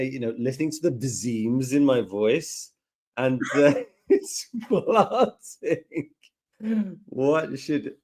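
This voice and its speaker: A man hosting a live software lesson, chatting and joking as he thinks aloud through each step. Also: mid-range voice. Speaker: tutorial host.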